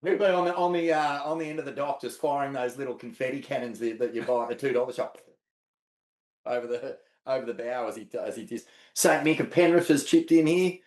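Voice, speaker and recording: A man's voice: medium pitch, a little fast, no room sound. An Australian man co-hosting a podcast, joking rowdily about surf news in casual chat. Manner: rowdy, mocking, bursts into loud cat-calling impressions. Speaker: podcast co-host.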